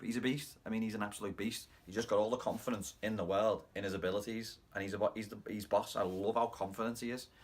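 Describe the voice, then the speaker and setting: A Scouse-accented man hosts a football fan channel, recapping a match with animated, rapid play-by-play commentary in a voice on the low side.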